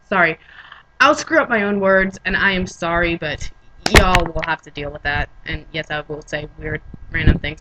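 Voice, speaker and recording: Bright-voiced young woman vlogger, rambling. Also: fairly low pitch, expressive, moderate pace, slight background noise, rough recording. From Pennsylvania. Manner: chatty, rambling, self-correcting. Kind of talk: casual storytelling vlog.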